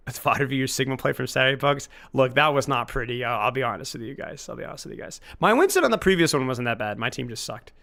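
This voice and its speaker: Male streamer, gravelly mid-range voice, loose jokey rambling with chat. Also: medium pitch, quick pace, few pauses, a bit bright. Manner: joking and rambling, laughs at his own lines. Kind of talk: casual live-stream chat with viewers.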